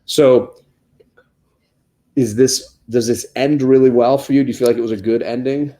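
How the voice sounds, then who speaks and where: A man hosts a relaxed comic book chat with his children, speaking at an everyday middle pitch. He sounds eager and talkative, often stumbling and repeating words as he gets excited. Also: moderate pace. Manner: enthusiastic, chatty, often restarts words. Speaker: comic book show host. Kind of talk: casual chat reviewing comics with his kids.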